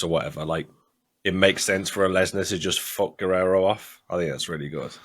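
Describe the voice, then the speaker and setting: Excitable low-voiced man. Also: moderate pace. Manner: excitable, swears a lot, laughs often. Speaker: podcast co-host. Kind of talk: casual chat.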